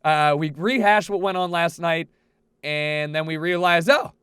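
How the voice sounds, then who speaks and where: A young man vlogging a rambling party story, animated, with frequent restarts and swearing. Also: high voice, normal speed, clean tone, dry recording, clean studio sound. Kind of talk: casual storytelling. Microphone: headset.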